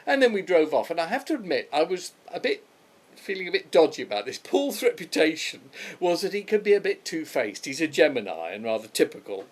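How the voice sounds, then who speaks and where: An older man telling a personal anecdote, lively and chatty, briefly putting on the voices of the people in the story. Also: fairly high pitch. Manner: animated, puts on quick voices for others.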